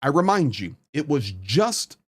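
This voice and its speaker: A man's voice: on the high side, very animated, a little slow, breathy edge. A man hosting his own channel, giving blunt, frustrated, impassioned commentary straight to the camera. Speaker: host, volunteer supporter.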